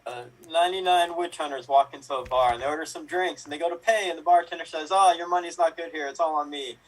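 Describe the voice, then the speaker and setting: A man's voice: on the high side, fast. A man in an improv game telling run-on joke setups and punchlines. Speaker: improv performer. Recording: distant mic, faint noise.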